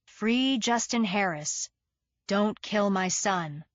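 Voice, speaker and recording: A woman voicing an insistent mother with a honey-smooth Southern accent, speaking slowly and emphatically. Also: medium pitch, expressive, no room sound. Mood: effusive. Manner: slow, pleading, emphatic.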